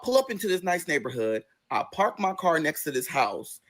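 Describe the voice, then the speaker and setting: Man, somewhat high-pitched, casual storytelling, profane, dramatic ups and downs in pitch. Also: very animated, normal speed, fairly bright tone. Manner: acts out quoted voices in a high register.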